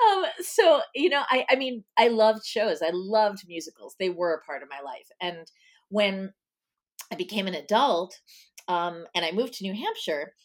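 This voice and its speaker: A woman's voice: mid-range voice, big pitch swings, normal speed. A middle-aged woman from Long Island, a guest in a casual interview, chatting with lots of ums and you-knows. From Long Island, New York. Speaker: guest, author.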